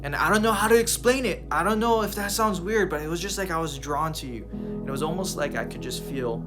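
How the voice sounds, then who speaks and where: A man quoting an emotional, rough-looking stranger who speaks in an earnest, halting way. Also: on the high side, music in the background, lightly acted.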